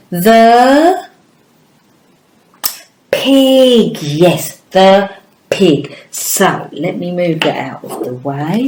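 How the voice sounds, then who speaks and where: A woman teaching a phonics lesson to young children, with a slow, sing-song teacher voice that stretches out each sound. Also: mid-range voice, a little mellow, roomy sound, low-quality recording. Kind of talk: early-years phonics lesson.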